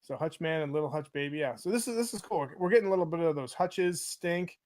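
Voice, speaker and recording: A man's voice: fairly high pitch, quick pace, a little mellow. A man co-hosting a casual talk show, laughing often and reading out viewer comments. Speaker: podcast co-host. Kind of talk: casual chat.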